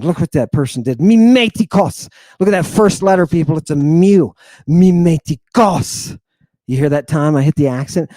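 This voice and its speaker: A man teaching Ancient Greek words, dramatic and teasing, who swings from loud exclamations to low murmurs and draws out his pronunciations. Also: no echo, clean studio sound. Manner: teasing, confrontational with the listeners; drawn-out emphatic pronunciation.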